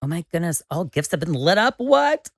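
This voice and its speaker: Low-voiced excitable woman streamer. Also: quick pace, husky, no echo, studio quality. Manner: excitable, exclaims often, laughs easily. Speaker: livestream host. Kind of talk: casual live-stream chat while building.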